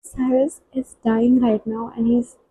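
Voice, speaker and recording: A woman book vlogger giving soft, halting and emotional reactions while reading. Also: a little high, level tone, breathy edge, dry recording, low-quality recording.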